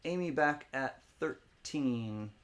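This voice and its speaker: A man's voice: mid-range voice, expressive, slow pace, fairly bright tone. A man hosting a live-stream coin auction, calling bids, greeting viewers by name and cracking jokes between lots. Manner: jokey, rambling, laughs often, chats with viewers by name; spells out words letter by letter for fun.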